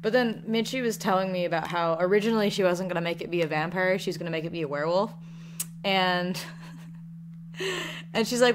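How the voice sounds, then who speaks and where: A woman with a Southern American accent chats through viewer questions in a loose, rambling way. She often breaks into small laughs between thoughts. Her voice sits a little on the low side. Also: moderate pace, a bit bright, a little hiss or hum. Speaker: YouTuber answering viewer questions. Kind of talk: casual Q&A chat.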